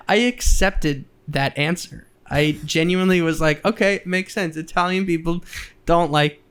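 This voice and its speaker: A man's voice: fairly high pitch, a little slow, fairly bright tone, smooth. A man co-hosting a podcast in casual chat, telling childhood stories with frequent laughter and acted-out quotes. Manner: laughing storyteller, acts out quotes. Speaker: podcast co-host.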